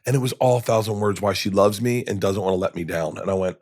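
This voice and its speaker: Animated storytelling man, dry studio sound. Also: lowish voice, fast, dry recording. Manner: animated, acts out voices in his anecdotes, swears casually. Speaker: guest, comedian. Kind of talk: storytelling in casual conversation. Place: podcast studio.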